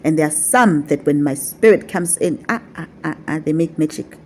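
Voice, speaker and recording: Speaking at an ordinary pace in a low voice, a woman addresses her viewers as a spiritual teacher in a relaxed vlog format. She circles back over her points, coaxing them along with affection, over a slight background hiss or hum.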